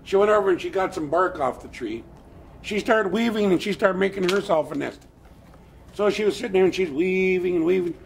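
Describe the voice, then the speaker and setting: An elderly man tells a traditional tale in a plainspoken, animated way. His voice sits high and has a gravelly edge. A faint hiss runs underneath. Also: a little fast. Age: older. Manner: animated, plainspoken, chuckling asides. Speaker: storyteller, elder. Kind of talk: oral traditional storytelling.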